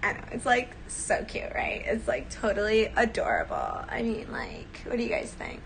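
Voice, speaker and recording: Girl doing a ditzy valley girl, soft and breathy, like totally, bright voice. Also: a little high, huge pitch swings, moderate pace, slight background noise, heavily acted, poor audio. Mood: airy. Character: airheaded bubbly young woman.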